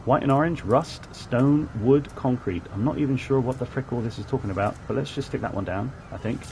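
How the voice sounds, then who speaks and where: A man from southwest England talks through a game on a live stream with a middle-pitched voice. He rambles, corrects himself and stops to greet viewers in chat. A faint hiss sits behind him. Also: fairly quick. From Plymouth, southwest England. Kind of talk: casual live-stream gameplay commentary.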